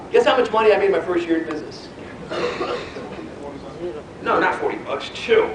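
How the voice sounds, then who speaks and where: A man giving a motivational network marketing training, telling animated stories and quizzing the audience. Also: high-pitched, moderate pace, pauses often, background noise. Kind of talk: motivational speech to a live audience. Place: training event hall. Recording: echoey hall, distant mic.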